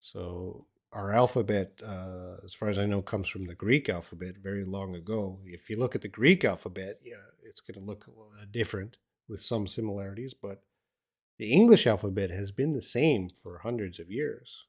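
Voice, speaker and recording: A man's voice: lowish voice, normal speed. A middle-aged man teaching English on a live stream, answering viewers' questions and thinking aloud with hesitant restarts. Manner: encouraging.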